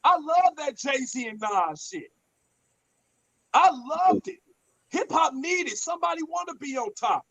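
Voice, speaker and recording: A man's voice: very high-pitched, measured pace, gravelly, long pauses, poor audio. A man, telling stories bluntly and profanely in a casual podcast chat. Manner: blunt, profane, animated storyteller.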